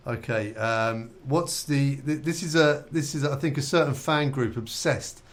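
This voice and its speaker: A man's voice: medium pitch, a little slow. A man hosting a radio show, casually reading out listener questions and bantering with his guest. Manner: easygoing, reads out listener questions. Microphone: studio microphone.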